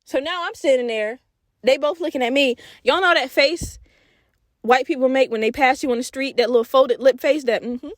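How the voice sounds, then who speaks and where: A woman hosting a podcast, telling a story in a casual, animated and profane way, laughing and acting out voices. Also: high voice, normal speed, no room sound, clean studio sound. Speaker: podcast host.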